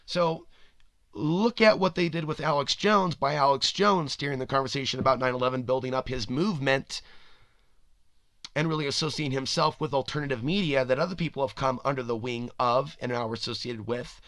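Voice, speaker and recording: A man's voice: medium pitch, fairly quick, fairly bright tone, no echo. A man hosting a podcast, talking in a rambling, speculative monologue full of "you know" and restarts. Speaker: podcast host. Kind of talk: spoken monologue.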